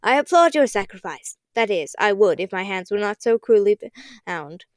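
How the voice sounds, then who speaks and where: A woman's voice: medium pitch, big pitch swings, normal speed, no room sound, studio quality, close to an everyday voice. Woman putting on a smug cackling villain. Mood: mocking. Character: gloating villainous older man inventor.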